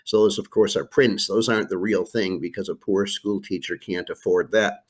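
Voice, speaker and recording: A man's voice: low-pitched, steady tone, normal speed, few pauses. An American man, a Spanish teacher, talking students through a worksheet in a screencast lesson, with lots of uh fillers and Spanish phrases read aloud. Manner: plain explaining pace with frequent uh fillers, drops into Spanish phrases. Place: home or classroom with art prints behind him.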